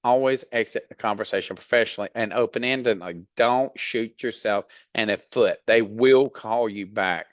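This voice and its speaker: A man's voice: fairly low pitch, normal speed, hardly any pauses, dry recording. A man with a Southern accent giving a casual lesson on dispatching freight, blunt and folksy, with mild cursing and frequent fillers. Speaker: dispatch trainer. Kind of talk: casual instructional talk.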